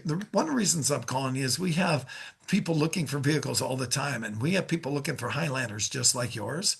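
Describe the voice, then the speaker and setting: A man's voice: mid-range voice, gravelly, a bit bright, slightly rough. A middle-aged man teaching a sales lesson in an upbeat coaching manner, acting out sample phone calls. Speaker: sales trainer.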